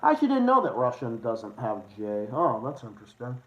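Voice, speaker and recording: A young man hosting a casual livestream, excitable and rambling, swearing often with quick restarts. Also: mid-range voice, highs cut off. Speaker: livestream host. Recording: echoey room, faint noise.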